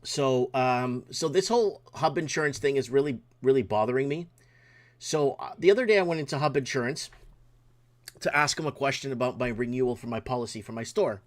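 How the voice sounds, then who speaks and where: A man with a medium-pitched voice speaks a little fast as he hosts his own late-night show, a casual livestream. He rants angrily about an insurance office, swearing and rambling as he keeps restarting his sentences.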